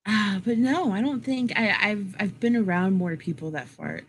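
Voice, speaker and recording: A woman co-hosting a podcast, talking in a halting, hesitant way and laughing. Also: medium pitch, animated. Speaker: podcast co-host. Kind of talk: casual podcast chat. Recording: faint background noise.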